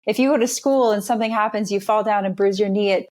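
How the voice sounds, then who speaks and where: A woman's voice: medium pitch, steady tone, fast, a little mellow. Woman, podcast guest; emphatic, repeats phrases for weight, conversational. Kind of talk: conversational interview.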